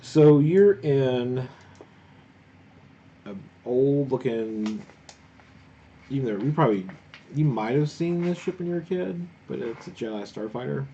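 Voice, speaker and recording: Laid-back guy running a tabletop rpg, slow and mellow, kinda dull lo-fi sound. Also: medium pitch, animated, a little hiss or hum. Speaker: game master. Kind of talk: narrating a tabletop game.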